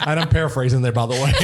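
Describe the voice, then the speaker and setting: A man chats and tells stories in a loose, rambling way. His voice sits low and mellow with a husky edge. He stumbles over words and laughs often. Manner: chatty, repeats words, laughs easily. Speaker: podcast guest, winery worker. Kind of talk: casual storytelling chat.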